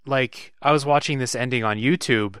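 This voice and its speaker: A man's voice: mid-range voice, moderate pace, fairly bright tone, smooth, dry recording, studio quality. A man in casual chat about a video game, blunt and offhand, swearing casually.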